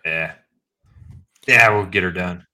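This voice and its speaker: Bright-voiced man ranting on a podcast. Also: sits low, slow pace. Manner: animated ranting, mock-angry outbursts. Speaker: podcast co-host. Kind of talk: casual chat.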